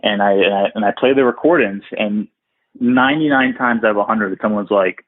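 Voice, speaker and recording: Man, interview guest, fairly low voice, tinny phone line, candid, rambling. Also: moderate pace. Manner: candid, rambling with frequent restarts. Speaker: podcast guest, outsourcing business owner. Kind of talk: casual interview talk.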